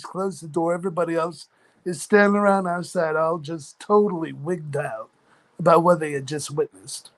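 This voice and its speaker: A man in his forties casually telling a long personal story in a rambling, earnest, matter-of-fact way. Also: sits high. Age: 40s. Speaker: chat room participant.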